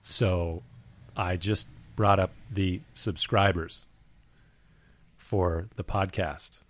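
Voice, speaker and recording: Hoarse man co-hosting a chat show. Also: low voice, fairly even intonation, very slow, dry recording. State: hoarse, recovering voice. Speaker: podcast co-host. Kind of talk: casual chat.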